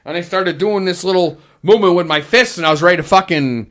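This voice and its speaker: A middle-aged man hosting a podcast, telling profane, animated stories and acting out the quotes in casual chat. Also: fairly high pitch, fairly quick, hardly any pauses. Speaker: podcast host.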